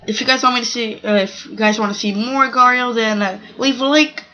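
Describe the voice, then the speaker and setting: A gaming channel host giving live gameplay commentary, excitable, repeating short cries of no and come on and exclaiming oh my goodness. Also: mid-range voice, fairly quick.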